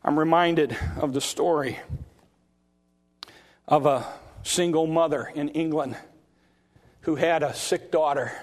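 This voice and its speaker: Male preacher, sermon storyteller; higher voice, halting restarts, rising to shouts. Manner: repeats words in restarts, swells loud at high points.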